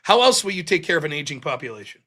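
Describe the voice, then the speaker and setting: A man's voice: a little high, sing-song, racing, pushed and bright. A man arguing in a debate, profane and rambling, acting out little quoted voices as he goes. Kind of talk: heated debate talk.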